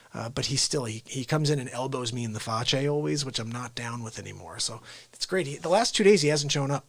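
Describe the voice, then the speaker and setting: A middle-aged man hosting a live variety stream, talking in a rambling, animated way. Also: a little high. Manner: rambling, animated, slips into voices. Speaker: variety show host, real estate agent.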